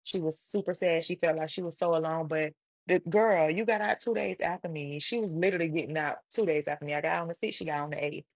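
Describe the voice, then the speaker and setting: A woman casually retelling a personal story in an animated way, acting out other people's lines. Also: sits low, fast, breathy edge, dry recording. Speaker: storytime vlogger.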